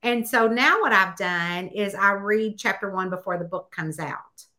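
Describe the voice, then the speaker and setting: Bright, chatty woman author. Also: unhurried. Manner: chatty storyteller, acts out dialogue with high exclamations. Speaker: guest author. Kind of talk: casual podcast interview.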